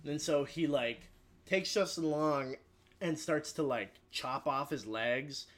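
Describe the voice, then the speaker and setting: A man's voice: a little high, fairly bright tone. A man casually retelling a film plot in a rambling, profane way, briefly voicing the characters as he goes. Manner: rambling, profane, quick quoted voices for characters.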